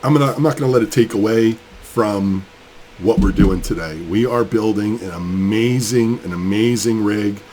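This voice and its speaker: Angry man ranting, low voice. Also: moderate pace, darkish tone. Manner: angry, fired up, rambling. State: sick with a cold. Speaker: crypto mining channel host. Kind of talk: casual building vlog rant.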